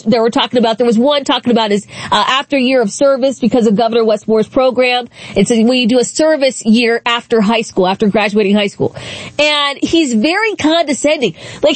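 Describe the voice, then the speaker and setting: Nasal high-voiced woman talk host. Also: no echo. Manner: animated, sarcastic, laughs often. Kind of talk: casual political commentary.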